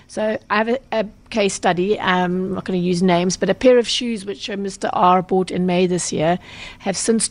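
A South African woman speaks as an interview guest, laying out consumer rules in a brisk, practical way. She stops often for an um and corrects herself mid-phrase. Her voice sits at an ordinary middle pitch for a woman. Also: dry recording. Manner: brisk and explanatory, with frequent ums and self-corrections. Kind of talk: explanatory radio interview answers.

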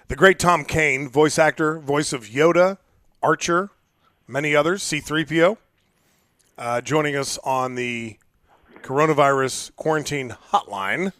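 Male radio host, upbeat intros, fairly high voice, dry studio sound, faint music underneath. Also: a little slow, fairly bright tone, dry recording. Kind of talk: radio show host talk.

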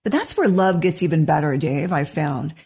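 A middle-aged woman co-hosting a marriage podcast, speaking gently and reflectively, often affirming her co-host. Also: sits low, lively intonation, moderate pace, breathy edge. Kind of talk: casual podcast conversation.

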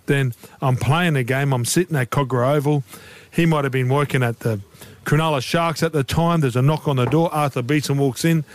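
Animated man telling footy stories. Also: brisk, no echo. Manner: animated storyteller, lifts pitch when excited. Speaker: rugby league pundit. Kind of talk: casual radio chat.

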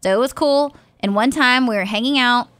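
A woman's voice: fairly high pitch, a little fast, a bit bright, no room sound. Chatty woman telling a story. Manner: chatty, heavy filler "like", acts out dialogue. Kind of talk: casual storytelling chat.

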